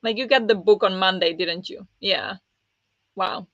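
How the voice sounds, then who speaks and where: A woman with a mid-range, fairly bright voice speaks unhurriedly as she hosts a live book readalong stream, chatting casually, greeting viewers by name, and saying "um" a lot. She's chatty and friendly, and the dull lo-fi mic gives a dry recording.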